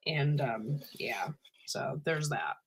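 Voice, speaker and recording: A woman co-hosting a casual live stream over a video call, chatty and quick to laugh, peppering her talk with "like" and "dude". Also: rumbling low, expressive, slight background noise. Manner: chewing while talking. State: recovering from illness. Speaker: co-host.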